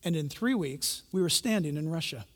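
A man preaching a sermon, telling a story and then breaking into loud, rising outbursts. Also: a little high, lively intonation, moderate pace. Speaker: pastor. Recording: long hall reverb.

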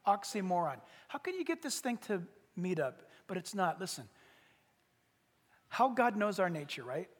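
A male pastor preaching a sermon in a humorous, animated way, acting out little everyday scenes. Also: high voice, moderate pace, big-room sound.

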